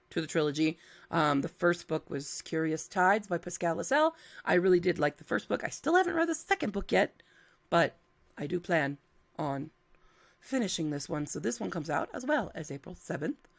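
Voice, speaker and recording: A woman's voice: fairly low pitch, lively intonation, moderate pace, creaky. Woman, scratchy-voiced, chatty and playful; casual book roundup host. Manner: chatty and playful, thinking aloud. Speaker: book content creator.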